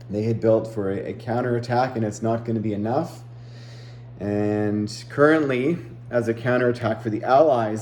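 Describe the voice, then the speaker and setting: A man giving a relaxed, explanatory summary of a strategy board game round, talking through the map with frequent fillers and asides. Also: on the low side, reverberant, slight background noise.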